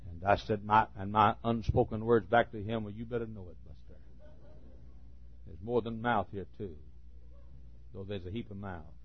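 A man preaching a sermon, folksy and storytelling, dropping to quiet asides and then bursting into shouts. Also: lowish voice, steady tone, normal speed, pauses often, a little hiss or hum. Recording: dull lo-fi recording.

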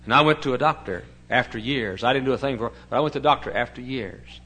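A male pastor preaching a fiery revival sermon. He moves from soft, hushed storytelling to loud, thundering preaching, and he stretches out scripture verses for emphasis. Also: mid-range voice, quick pace.

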